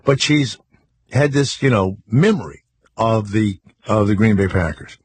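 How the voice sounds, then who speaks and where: A man's voice: on the low side, animated, unhurried, darkish tone, slightly rough. A man hosting a talk radio show, chatting with callers in a brash, crude, rambling way.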